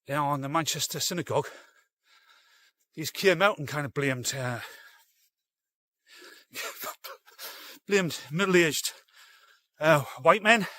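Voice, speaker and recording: A man's voice: on the high side, a bit bright, dry recording. A middle-aged man, hosting a live-stream show in a rambling, sweary, blunt way. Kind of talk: casual live-stream rant.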